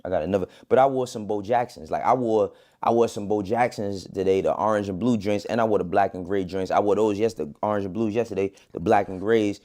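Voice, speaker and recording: Low-voiced man talking relaxed. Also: quick pace, hardly any pauses. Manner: relaxed, conversational, slangy. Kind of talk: casual talk in a played clip.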